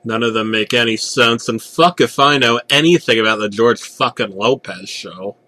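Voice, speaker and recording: Young guy snarking through a creepy story, bright edgy voice, swears a lot. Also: mid-range voice, moderate pace, dry recording. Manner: sarcastic, profane storytelling. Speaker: narrator. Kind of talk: comedic creepypasta narration.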